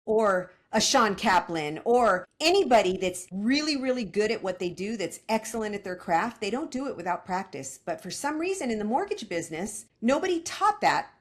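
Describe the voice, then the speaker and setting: A woman's voice: medium pitch, normal speed, hardly any pauses. A middle-aged woman who hosts a podcast and trains mortgage teams, speaking in an emphatic way. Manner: emphatic, animated. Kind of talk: casual podcast chat.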